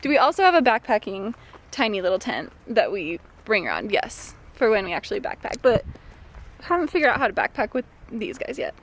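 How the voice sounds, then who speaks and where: Chatty high-voiced woman in her late twenties. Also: sing-song, brisk, rough recording. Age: late 20s. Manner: chatty, rambling, giggly. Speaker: vlogger. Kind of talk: casual vlog chat. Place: outdoors at a forest campsite. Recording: outdoor recording with clear background noise.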